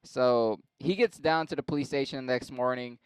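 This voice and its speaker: Profane rambling man with a smooth voice. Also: medium pitch, moderate pace, no echo. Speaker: podcast host. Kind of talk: crude comedic rant.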